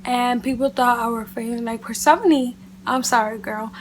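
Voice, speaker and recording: A woman vlogger telling a casual storytime to camera, animated and chatty, leaning on "like" and "literally". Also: on the high side, normal speed, a little hiss or hum. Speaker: beauty vlogger.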